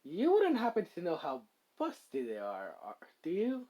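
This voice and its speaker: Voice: mid-range voice, wildly swooping pitch, normal speed, dark tone. A fan storyteller voicing a cocky young male devil hero in a casual retelling, brash and eager, with an everyday voice.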